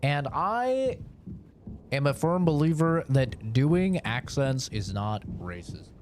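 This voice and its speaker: A man streaming a horror game, rambling with animated, profane commentary. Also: a little high, slow, a little hiss or hum. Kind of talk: live gameplay commentary.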